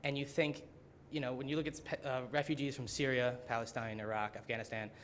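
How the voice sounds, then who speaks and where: A young man presents at a student symposium in an earnest way, often reaching for "like" and "uh" as he goes. His voice sits at an ordinary middle pitch, and a faint low rumble runs under the recording. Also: flat delivery, a little fast. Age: young adult. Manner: earnest, many fillers like "like" and "uh".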